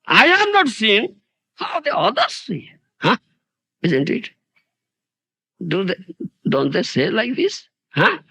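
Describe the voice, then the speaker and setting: High gravelly man lecturing. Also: sharp tone, no room sound, low-quality recording. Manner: emphatic, rhetorical, repeatedly asks "huh?". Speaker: spiritual teacher. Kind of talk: religious lecture.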